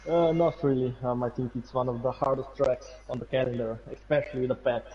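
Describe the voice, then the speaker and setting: A man being interviewed after a race, who talks about it in halting, stop-start phrases. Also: medium pitch, steady tone, warm tone, highs cut off, slight background noise. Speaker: racing driver interviewed.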